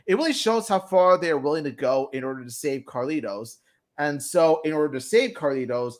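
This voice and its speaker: A man with a somewhat high voice gushes about cartoon episodes in a casual fan review. He talks in bursts full of "like" and "you know," often restarting his sentences. His delivery is eager and animated, as if talking with a friend. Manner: excitable, heavy with fillers and restarts. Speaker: fan show co-host.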